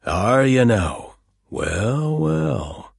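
A man doing a gruff, sarcastic old sergeant. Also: deep voice, normal speed, no room sound. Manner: growling, dismissive and sarcastic. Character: gruff aging village police sergeant, sour.

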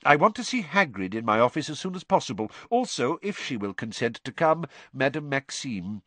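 A man voicing a wise old headmaster wizard who speaks in a measured, grave and authoritative way. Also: medium pitch, very animated, sharp tone, dry recording, voice pushed up. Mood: commanding.

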